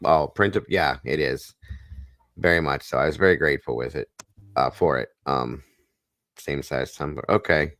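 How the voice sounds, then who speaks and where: A man hosting a live stream, chatting casually in a rambling, folksy way and clearing his throat now and then. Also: very deep voice, moderate pace, a bit bright, no room sound. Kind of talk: casual chat.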